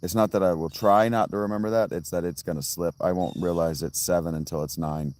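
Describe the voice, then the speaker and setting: A livestreamer sits by a fountain outside, chatting casually as he replies to viewers' chat in a rambling, tangential way full of restarts. He speaks fairly quickly in a low-pitched, steady, slightly mellow voice.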